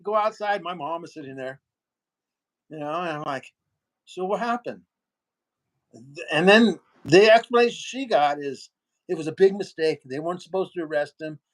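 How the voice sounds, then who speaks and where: Animated high-voiced male storyteller. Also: moderate pace, pauses often. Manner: animated storyteller, acts out other people's lines. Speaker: guest. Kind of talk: storytelling in a casual interview.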